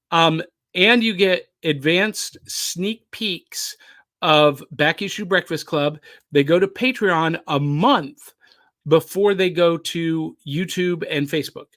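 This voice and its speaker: Chatty bright-voiced male podcast host. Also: high-pitched, dry recording. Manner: reads viewer comments aloud, chatty and opinionated. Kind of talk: casual live-stream chat.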